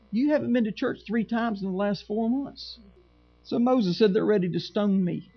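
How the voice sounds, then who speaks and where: A man's voice: high-pitched, normal speed, dull audio. A male pastor preaching a sermon in church, reading scripture and making sarcastic asides to the congregation.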